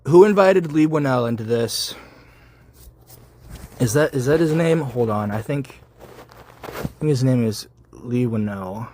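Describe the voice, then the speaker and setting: A man's voice: mid-range voice, measured pace, pauses often, slight background noise. Sarcastic man reading fanfic aloud. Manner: sarcastic, deadpan asides. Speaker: YouTuber reading fan fiction. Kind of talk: comedic reading with reaction commentary.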